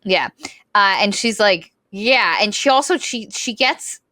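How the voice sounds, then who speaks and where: A woman co-hosting a casual book discussion, retelling the story in an animated way with lots of "like" fillers. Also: mid-range voice, unhurried, no echo, studio quality. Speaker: podcast co-host.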